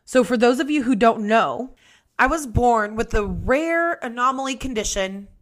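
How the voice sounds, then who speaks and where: A woman hosting a podcast, giving a blunt, emphatic motivational monologue and swearing freely. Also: on the high side. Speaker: podcast host.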